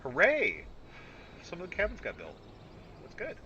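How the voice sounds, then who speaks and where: A man doing casual let's-play commentary, talking to himself with sudden shouts and mutters. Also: high voice, wildly swooping pitch, moderate pace, dull audio, a little hiss or hum. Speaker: gaming YouTuber.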